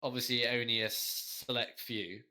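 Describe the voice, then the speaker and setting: Give me a young man rambling through a story on a casual podcast, voice pitched in the middle. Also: fairly even intonation, unhurried, sharp tone. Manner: rambling storyteller, heavy swearing, frequent laughs. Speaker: podcast co-host. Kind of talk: casual chat.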